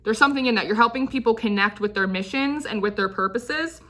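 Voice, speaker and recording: A woman's voice: on the high side, bright, forceful tone. A young woman giving a casual, chatty tarot reading, full of fillers and repeated phrases. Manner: chatty, filler-heavy, repeats phrases, drifts into quick put-on voices. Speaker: tarot reader.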